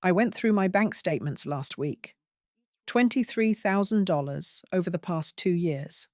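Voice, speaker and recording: Low-voiced woman narrating a family drama. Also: animated, darkish tone, no room sound, studio quality. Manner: measured, dramatic storytelling. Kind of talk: first-person story narration.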